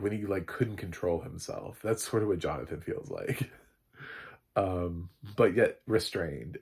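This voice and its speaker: A man giving a casual, rambling film recap, full of fillers and quick laughs. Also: sits low, gravelly, husky. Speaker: film reviewer.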